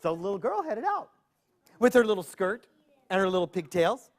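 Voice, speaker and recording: Lively male children's storyteller, pitch leaping, playful asides. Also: a little fast. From United States. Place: public library event.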